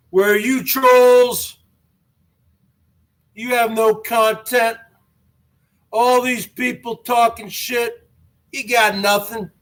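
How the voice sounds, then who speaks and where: A man shouting a wrestling-style promo to camera with preacher-like boasting, taunting trolls. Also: very high voice. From Washington state. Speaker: YouTube channel host.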